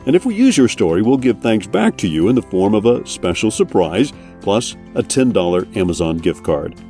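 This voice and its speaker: A man hosting a podcast, reading scripted narration in a calm, measured way. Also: on the low side, soft background music. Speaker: podcast host.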